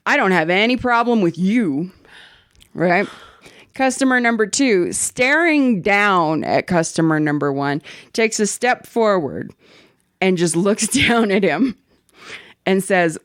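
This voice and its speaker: A woman's voice: medium pitch, animated, slow pace, no room sound, studio quality. A woman hosting a casual podcast, animatedly reading a listener's story aloud with swearing and laughter. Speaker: podcast host.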